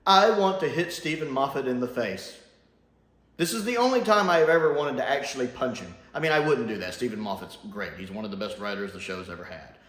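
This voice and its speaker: A man's voice: medium pitch, lively intonation, a little fast, fairly bright tone. A man giving a casual, profane review rant as a YouTube reviewer, swinging between scorn and delight. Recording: roomy room echo.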